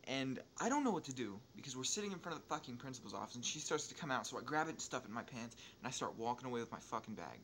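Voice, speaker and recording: Over gameplay footage, a young man on YouTube rambles through a casual story, cursing nearly every sentence and breaking off for asides, restarts and self-corrections. He speaks at a normal pitch, yet his volume jumps quickly whenever he gets excited, and a faint hum of noise sits beneath.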